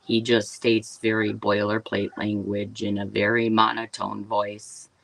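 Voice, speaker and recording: A Wisconsin woman and business owner hosts a casual livestream, rambling and chatting with her viewers through plenty of fillers and asides. Her voice is very deep, creaky and flat, and she speaks unhurriedly. The recording is dry and low in quality.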